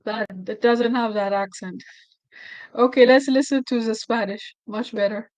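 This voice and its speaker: A woman hosting a casual screen-recorded software walkthrough, thinking aloud and correcting herself with frequent restarts. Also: mid-range voice, fairly even intonation, unhurried, pauses often, highs cut off. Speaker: tutorial host.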